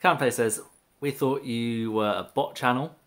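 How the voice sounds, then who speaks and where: A man eating on a livestream, dry and low-key, reading out viewer comments between bites. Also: normal speed, fairly bright tone. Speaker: mukbang co-host reading chat. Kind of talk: casual chat while eating on a livestream. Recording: roomy echo.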